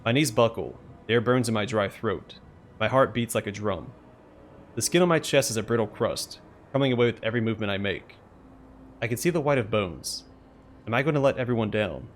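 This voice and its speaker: A man's voice: medium pitch, lively intonation, fairly quick, slight background noise. A man hosting a let's play, expressively reading the game's story text aloud.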